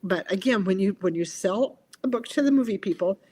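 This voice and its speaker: A woman's voice: lively intonation, brisk, mellow, slightly rough. A middle-aged woman, an author, chatting casually and acting out the people she quotes. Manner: chatty storyteller, acts out quotes with big pitch jumps. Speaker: author guest. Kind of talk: casual chat.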